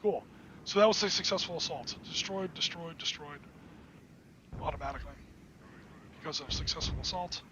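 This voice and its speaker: A man's voice: fairly high pitch, quick pace. A man hosting a podcast, narrating his own solo tabletop wargame and cheering on his dice rolls as he plays. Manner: excitable, talks to himself while playing. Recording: dull lo-fi sound with clear background noise.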